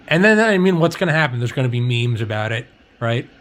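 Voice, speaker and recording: A man's voice: medium pitch, big pitch swings, a little fast, fairly bright tone, a little hiss or hum. A man rambling in casual chat, swearing freely and leaning on "like" and "you know.".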